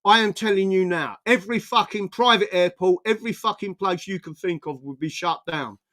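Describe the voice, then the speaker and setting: Speaking fairly fast in a high, sharp voice, this man from England tears into politics with anger and plenty of swearing. He's a political commentator, and his rant keeps breaking into stammered restarts.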